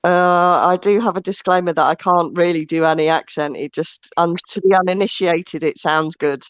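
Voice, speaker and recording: A woman's voice: on the low side, fairly even intonation, moderate pace, clear, resonant tone, no echo. A woman co-hosting a live stream in casual chat, laughing, swearing cheerfully and poking fun at herself. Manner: laughing, swearing, self-deprecating. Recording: dull lo-fi stream audio.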